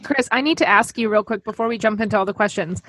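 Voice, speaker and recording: A woman's voice: mid-range voice, quick pace, fairly bright tone. A woman co-hosting an interview, asking questions in a playful, joking way. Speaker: podcast co-host. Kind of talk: casual interview chat.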